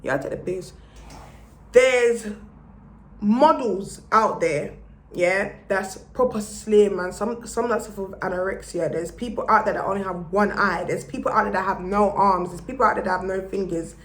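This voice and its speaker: A woman's voice: medium pitch, normal speed. Blunt, swearing woman, roomy echo. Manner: blunt and profane, slipping into Jamaican-style patois. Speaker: vlogger. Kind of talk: motivational vlog rant.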